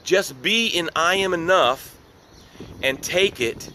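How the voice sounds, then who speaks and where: A man's voice: high-pitched, lively intonation, slow pace, sharp tone, slight background noise. A middle-aged man giving an earnest motivational talk as a business coach, repeating his key phrases for emphasis.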